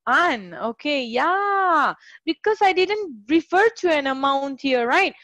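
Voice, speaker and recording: A woman teaches a live online English class, cheering her students on and greeting each one by name. Her voice sits high and her pace is unhurried. The sound is dry and close, with no room echo. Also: big pitch swings, fairly bright tone.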